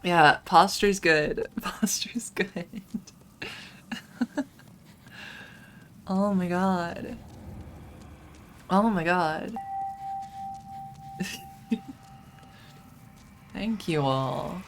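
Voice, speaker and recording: A woman streaming a game, chatting casually on her microphone, halting and flustered, restarting often and laughing through it, emotionally overwhelmed. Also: fairly low pitch, expressive, slight background noise. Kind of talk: casual live-stream chat.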